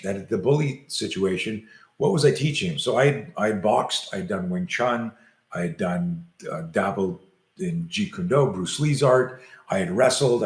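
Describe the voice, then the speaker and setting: Older guy, self-defense coach, low voice, tells stories and acts out the lines, echoey room. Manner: animated storyteller acting out quoted dialogue. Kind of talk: storytelling in a podcast interview. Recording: roomy echo.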